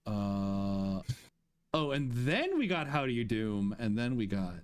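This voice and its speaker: A man's voice: on the low side, very animated, takes it slowly, smooth, dry recording. A man streaming and chatting casually with a friend, laughing often and rambling through restarts. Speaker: streamer ranking fan fiction chapters.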